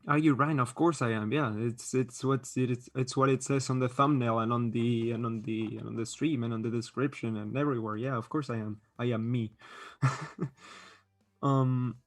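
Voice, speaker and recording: A man's voice: mid-range voice, steady tone, brisk, few pauses, soft background music. A man hosting a live stream, reading chat aloud and chatting casually; English is not his first language, and he talks with many fillers and restarts. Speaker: livestream host reading chat.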